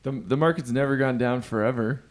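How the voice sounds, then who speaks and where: A man's voice: medium pitch, brisk, slight background noise, poor audio. A man with a non-American accent trading dry wisecracks on a casual podcast. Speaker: podcast co-host and producer.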